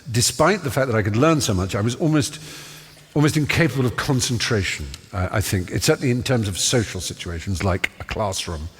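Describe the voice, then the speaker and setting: A middle-aged man from Norfolk, England, is a guest in a live stage interview on a large theatre stage, telling stories with ornate, playful wording and plenty of fillers. His voice is lowish with a breathy edge. The recording carries live theatre hall reverb and faint hiss.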